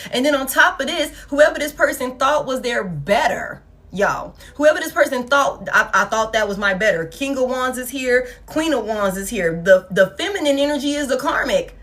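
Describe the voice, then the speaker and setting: A woman giving a collective tarot reading, blunt, profane and animated, talking straight to her viewers. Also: sits high. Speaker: tarot reader.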